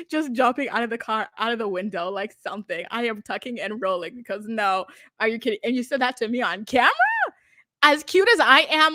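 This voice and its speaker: A woman's voice: fairly high pitch, bright, forceful tone, no echo. A young woman chatting to her livestream viewers as she recaps a reality show, giggly and dramatic, talking into a close mic. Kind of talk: casual livestream commentary.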